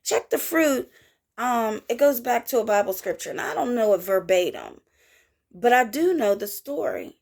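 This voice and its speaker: Lively, gravelly-voiced woman tarot reader. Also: fairly high pitch, normal speed. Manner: animated, playful, with sung sound effects; folksy asides to the viewer. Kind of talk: casual tarot reading monologue.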